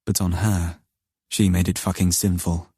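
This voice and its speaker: A man narrating an audiobook in first person, in a slow, low, intimate and brooding manner. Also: little pitch movement, dark tone, slightly rough, no echo, clean studio sound.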